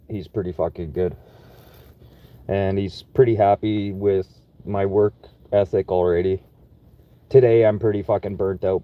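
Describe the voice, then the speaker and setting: Brief: young Manitoba man, low voice, casual profane vlog chat, dull lo-fi sound. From Manitoba, Canada. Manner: profane, laid-back and chatty. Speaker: construction worker vlogging. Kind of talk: casual rambling monologue.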